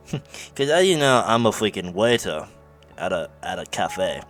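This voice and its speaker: Brief: a man putting on a slow, sing-song American accent as a clingy young texter, with faint music behind. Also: on the low side, sing-song, fairly bright tone. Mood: overeager. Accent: American, put on. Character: overeager young man texting a girl he likes. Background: background music.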